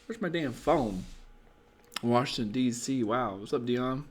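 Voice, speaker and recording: A man's voice: mid-range voice, expressive, a little slow. A tired young man hosting a casual live stream, giving blunt, profane dating advice and chatting with viewers in a rambling way.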